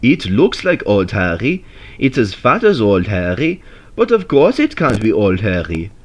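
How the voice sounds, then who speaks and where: A man reading a storybook aloud, voicing a wise old male mountain engine who talks calmly with dry teasing. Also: fairly low pitch, measured pace, husky, full character voice.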